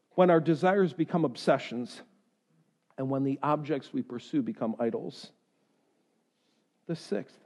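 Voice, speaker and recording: A man preaching a sermon as pastor, earnestly acting out the pleas he quotes. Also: sits high. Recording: echoey hall.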